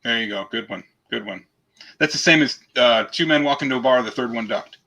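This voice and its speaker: A man's voice: medium pitch, a little fast, sharp tone, low-quality recording. A man hosting a live joke stream, bantering casually, mocking himself and adding rimshot noises after punchlines. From half Mexican heritage. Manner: goofy, self-mocking, adds rimshot sound effects.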